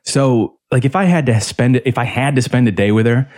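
A man's voice: mid-range voice, normal speed, darkish tone. A man casually telling a heated, profane story on a podcast, acting out the people he quotes. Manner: profane, heated, acts out quotes in other voices.

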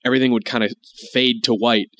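A man co-hosting a podcast in casual chat, sick with a head cold and a bit raspy, rambling with lots of fillers and restarts. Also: fairly even intonation, fast, fairly bright tone, no echo. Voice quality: slightly deep and raspy from the cold. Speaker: podcast co-host.

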